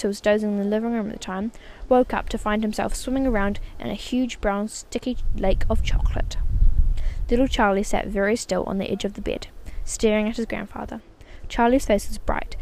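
A woman narrating a children's storybook aloud in a clear, expressive reading. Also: medium pitch. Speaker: audiobook reader.

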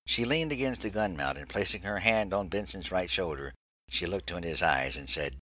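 A man reading a naval story aloud in a steady, measured way. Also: low-pitched, no echo, low-quality recording. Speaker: narrator.

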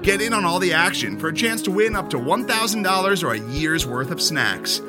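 A man's voice: high-pitched, brisk. Upbeat male ad announcer over music. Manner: lively, upbeat promo delivery. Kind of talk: scripted ad read. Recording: music bed behind voice.

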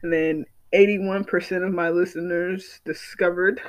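Podcast host, male, high-pitched, excitable, gushy, repetitive, swears casually. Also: unhurried, low-quality recording. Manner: excitable, gushing, repeats himself, swears. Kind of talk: casual solo podcast chat.

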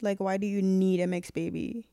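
A young woman chats casually, retelling conversations with lively put-on dialogue and frequent laughter. Her voice is of middling pitch for a woman. The recording is dry, with no room sound. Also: moderate pace, smooth, no echo. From Jamaica. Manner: animated storyteller acting out dialogue, laughing often. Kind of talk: casual chat.

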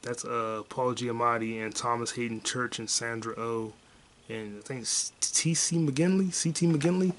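A man's voice: medium pitch, normal speed, fairly bright tone, a little hiss or hum. A young man hosting a podcast, chatting casually about a movie in a rambling, laid-back way with some swearing. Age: young adult. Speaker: podcast host. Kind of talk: casual movie review chat.

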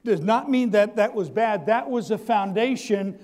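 Preaching in a voice that sits high, a man keeps a moderate pace and a darkish tone. He asks the congregation to respond, trips into restarts, and repeats his important lines.

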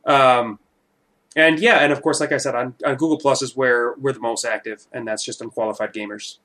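A man hosting a casual podcast, sarcastic and deadpan with his co-host. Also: medium pitch, brisk.

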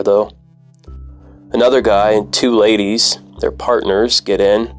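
Brief: low-pitched male storyteller, wry and profane, faint music underneath. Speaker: former cab driver. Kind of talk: personal story narration.

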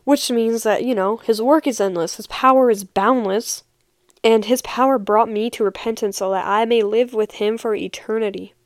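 A woman's voice: a little high, fairly even intonation, moderate pace, dry recording, clean studio sound. A young woman and podcast host giving a heartfelt personal faith testimony, speaking earnestly and repeating key phrases for emphasis.

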